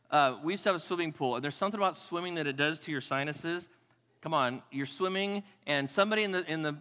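Middle-aged male pastor, bright hall sound. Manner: animated, swings between loud exclamations and low quiet asides. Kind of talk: sermon.

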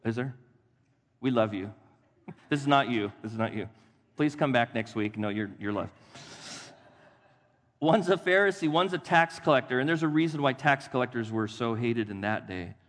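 Animated male pastor preaching in a hall. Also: medium pitch, normal speed, long pauses. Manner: animated, acts out voices of Bible figures. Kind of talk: sermon. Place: church sanctuary. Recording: long hall reverb.

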